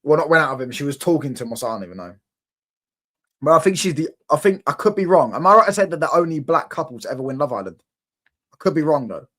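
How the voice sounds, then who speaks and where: A man's voice: a little high, big pitch swings, rapid-fire, fairly bright tone. A young man, hosting a casual livestream and chatting with viewers in a rambling, slangy way, repeating himself and laughing often. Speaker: livestream host. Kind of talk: casual livestream chat reacting to viewer comments.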